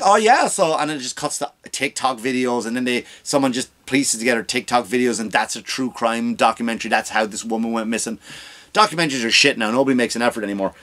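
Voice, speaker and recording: A man's voice: mid-range voice, fairly bright tone. A man hosting a comedy podcast, ranting and swearing freely, acting out the voices of people he quotes. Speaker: podcast host. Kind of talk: comedic rant.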